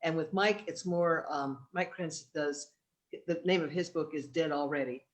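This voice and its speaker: A woman's voice: sits low, moderate pace. A woman author in casual chat over a video call, thoughtful and rambling, with many restarts. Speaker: guest author.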